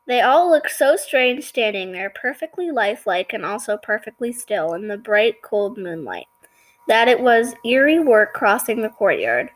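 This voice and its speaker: Higher-voiced woman reading a storybook aloud. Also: very animated, moderate pace, rough recording. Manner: stumbles and apologizes for slips. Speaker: reader. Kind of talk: reading a children's book aloud.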